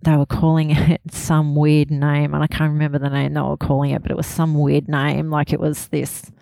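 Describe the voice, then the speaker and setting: A woman in her thirties, a grieving mother speaking candidly in an interview, halting and laughing softly through painful memories. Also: low voice, level tone, vocal fry, no echo. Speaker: interview guest, bereaved mother. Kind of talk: emotional personal interview.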